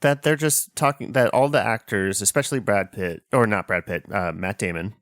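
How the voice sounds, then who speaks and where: A man in casual podcast chat with a fairly low voice and a wry, deadpan delivery. The sound is dry, close to the mic. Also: normal speed, no room sound. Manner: wry, deadpan jokes, swears. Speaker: podcast co-host.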